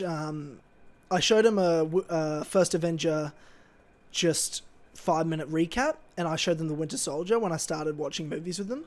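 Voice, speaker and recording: A man's voice: on the high side, moderate pace. A man co-hosting a casual podcast, telling a rambling, swear-filled story. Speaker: podcast co-host.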